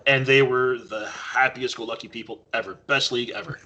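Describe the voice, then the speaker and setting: A Canadian man guests on a podcast, telling casual stories with animation and acting out the lines he quotes. His voice is mid-range and a little fast, and the recording sounds muffled.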